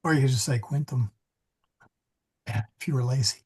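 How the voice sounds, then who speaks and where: Husky man teaching a Latin class. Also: medium pitch, normal speed, darkish tone. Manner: digressive, self-correcting. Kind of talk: classroom lesson. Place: church meeting room.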